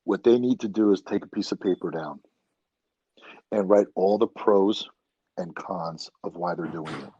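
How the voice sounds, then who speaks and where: Male guest, husky and low, blunt animated talker, dry close sound. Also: measured pace, dry recording, muffled recording. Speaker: podcast guest. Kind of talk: casual chat.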